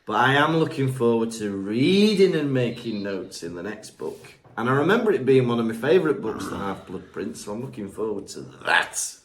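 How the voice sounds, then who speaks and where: A man's voice: medium pitch, big pitch swings, normal speed, few pauses, echoey room, a little hiss or hum. A man co-hosting a podcast in casual chat, wry and teasing. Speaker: podcast co-host.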